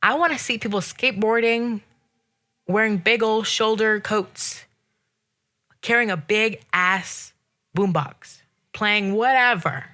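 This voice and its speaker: A woman hosting her own show, ranting in a casual, sassy, exasperated way with sudden jumps in pitch. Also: takes it slowly, bright, forceful tone. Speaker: podcast host. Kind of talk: casual solo rant.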